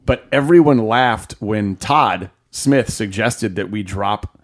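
A man's voice: on the low side, takes it slowly. A man co-hosting a casual podcast chat, dry and joking with wry understatement. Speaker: podcast co-host.

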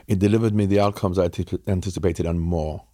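A man's voice: low-pitched, steady tone, fast talker, mellow. A man in his sixties, a guest in a heated debate, talking emphatically and pushing back. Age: 60s. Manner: emphatic, interrupts and pushes back.

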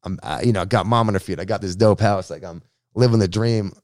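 A man from Boston, a radio host, telling his story in a casual interview with a slangy, lively way of talking. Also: on the low side, fast, no echo, clean studio sound.

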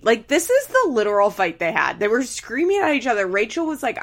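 A young woman hosting a casual podcast, recapping a reality show with frequent laughter and quick impressions of the people in it. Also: a little high. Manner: animated, laughs often, mimics people in quotes.

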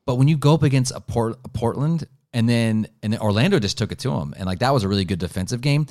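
A man's voice: mid-range voice, animated, fast, darkish tone, dry recording, studio quality. A man co-hosting a casual sports podcast, rambling with lots of "like" and "um" as he runs through picks. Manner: rambling, full of "like" and "um". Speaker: podcast co-host.

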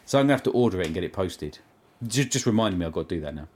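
A man's voice: low voice, expressive, rapid-fire, darkish tone. A British man co-hosting a podcast, telling a story in casual chat, swearing and laughing a lot. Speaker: podcast co-host.

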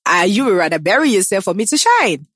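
A woman's voice: medium pitch, very animated, fast talker, fairly bright tone, husky, no room sound, clean studio sound. Confident young Nigerian woman. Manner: confident, emphatic, mixes in Pidgin. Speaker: guest. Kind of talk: casual interview chat.

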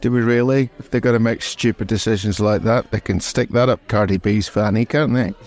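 A man's voice: lowish voice, steady tone, brisk, a little mellow. A man co-hosting a comedy podcast, rambling and swearing cheerfully in casual chat. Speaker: podcast co-host.

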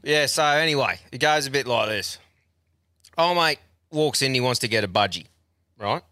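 A man's voice: mid-range voice, animated, moderate pace, sharp tone, dry recording, clean studio sound. A man with an Australian accent hosting a podcast in casual, sweary chat and laughing often. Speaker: podcast host.

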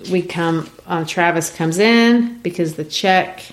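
A woman discussing a classic play in a relaxed lesson, explaining with thoughtful pauses and fillers. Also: lowish voice. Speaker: literature teacher. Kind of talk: discussing and reading a play aloud.

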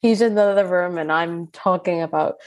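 A woman's voice: lowish voice, a little fast, low-quality recording. A woman interviewer asking thoughtful, searching questions in an interview conversation.

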